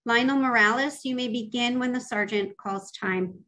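A woman moderating a remote council hearing, calling each speaker in a measured, formal way over a video call. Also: on the high side, pushed and bright. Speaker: committee staff moderator. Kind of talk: formal procedural announcements.

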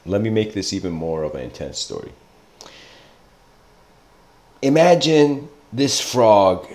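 A man's voice: deep voice, a little mellow. A man giving a casual lecture, rambling as he tells a story, with many fillers and restarts. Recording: roomy echo.

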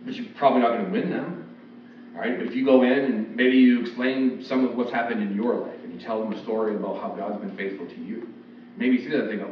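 A man's voice: lowish voice, steady tone, a little fast, a little hiss or hum. A man preaching an expository sermon in a loose, conversational way, acting out quoted voices. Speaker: pastor. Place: church sanctuary. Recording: echoey, distant, dull church recording.

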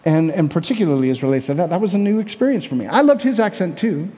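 American pastor preaching in a reverberant hall. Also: male voice, high-pitched, fast talker, few pauses. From United States. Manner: conversational, animated storytelling with repetitions. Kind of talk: sermon.

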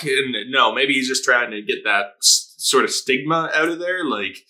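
Lots of swearing, frequent laughs, and quick character impressions mark this man's casual reaction to an anime episode. He's excitable, and his pitch is medium.

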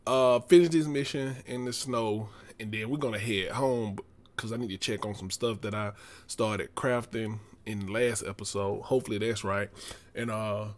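A man with a Southern US accent, chatting casually and drawling while playing a survival game on his channel. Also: medium pitch. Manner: laid-back, chatty, drawling. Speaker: let's play gamer. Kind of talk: casual gaming commentary.

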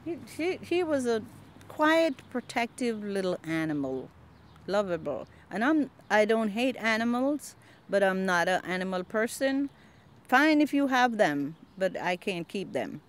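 Older woman gardener, lively storyteller acting out quoted voices, outdoor interview. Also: mid-range voice, measured pace. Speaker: longtime community gardener.

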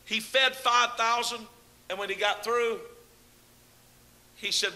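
High-pitched, fervent preacher. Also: male voice, fairly even intonation, slow pace, long pauses. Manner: swings between shouted proclamation and low conversational asides; calls out to the congregation. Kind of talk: fiery Pentecostal sermon.

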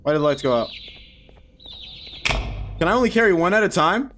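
A man giving let's play commentary on a video game, cursing and yelling whenever it goes wrong. His voice sits high and bright, and it swings up and down a lot as he reacts. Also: brisk, slight background noise. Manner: animated, swears, yells at the game. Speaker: gaming video host.

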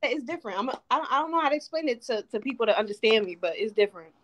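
A woman's voice: fairly high pitch, animated, very fast, fairly bright tone. A woman guest speaking bluntly and emphatically in a casual chat.

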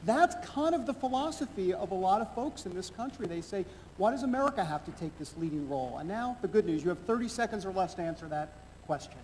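New York male moderator, high and bouncy voice, hall reverb. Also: fast talker, hardly any pauses. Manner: animated and playful, jokey about time limits. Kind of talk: panel moderation. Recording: reverberant hall with faint background noise.

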